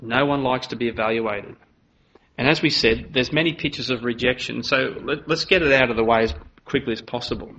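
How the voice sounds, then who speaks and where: A man's voice: mid-range voice, fairly quick, pushed and bright, slight background noise. A man preaching a sermon in an earnest manner, voice rising dramatically when he acts out quoted lines. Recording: slightly dull, lo-fi sound.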